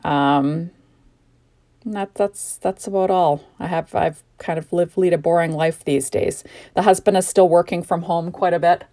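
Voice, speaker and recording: A middle-aged Canadian woman with a lowish, warm voice talks at a measured pace with fairly even intonation. Sleepy and yawning, this card-making crafter gushes chattily through a home tutorial, slipping into rambling digressions.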